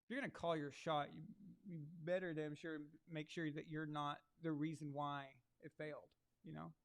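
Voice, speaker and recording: A man's voice: fairly high pitch, flat delivery, moderate pace. A man hosting a live sports watch-along, talking casually with crude, sarcastic asides. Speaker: live sports show host.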